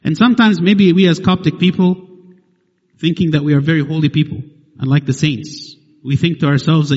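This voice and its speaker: A man with a fairly high, husky voice preaches to his congregation, pressing each point home with rhetorical questions and a steady "right?". His voice rings through a long-reverb hall on a dull, lo-fi recording. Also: a little fast. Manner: emphatic, asks rhetorical questions and tags "right?". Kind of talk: sermon.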